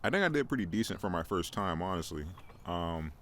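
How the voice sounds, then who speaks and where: A man's voice: low voice, animated, a little fast. A young man hosting a casual podcast monologue, rambling and self-mocking, often stammering and repeating words. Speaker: podcast host.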